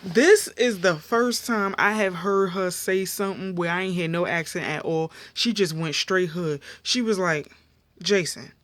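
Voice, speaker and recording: A woman's voice: on the low side, normal speed, hardly any pauses, dry recording. Tired, chatty woman recapping TV. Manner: chatty, slangy retelling full of fillers. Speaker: reality TV recap vlogger. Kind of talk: casual episode recap.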